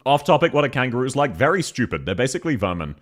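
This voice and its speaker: An Australian man talks through a stream in a casual, blunt way, laughing often and swearing freely. His pitch swings widely as he reacts. Nothing about him is polished. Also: very animated, rapid-fire. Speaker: streamer reviewing voice acting.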